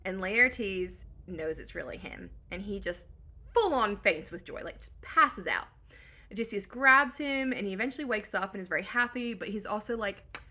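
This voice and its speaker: A woman recapping an ancient epic in casual, comedic style, tossing in sarcastic slang and snarky asides. Her voice is bright and forceful. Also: medium pitch, expressive, moderate pace. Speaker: book recap host.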